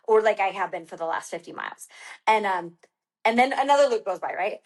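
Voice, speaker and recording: A woman's voice: medium pitch, lively intonation, fairly quick. Chatty woman telling a story with fillers. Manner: chatty, with many fillers, acting out her own quoted lines. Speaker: podcast guest, ultrarunner. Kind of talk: casual storytelling in an interview.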